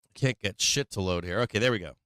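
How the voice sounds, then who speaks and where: A man's voice: lowish voice, fast, fairly bright tone, no room sound, clean studio sound. A man hosting a live trading show in casual commentary, coaxing and teasing the chart, swearing and laughing often.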